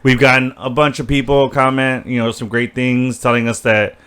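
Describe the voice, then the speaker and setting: A man's voice: mid-range voice, level tone, moderate pace, a bit bright, clean tone. A man co-hosting a podcast, talking casually in rambling bursts, often restarting and saying "dude" and "man". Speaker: podcast co-host. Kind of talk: casual chat.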